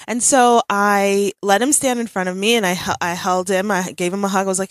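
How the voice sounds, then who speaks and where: A woman's voice: mid-range voice, fairly quick, hardly any pauses, no room sound. A woman in her thirties hosting a podcast, telling a family story in casual chat with lots of laughter. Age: 30s. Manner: animated storytelling with frequent laughs. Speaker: podcast host.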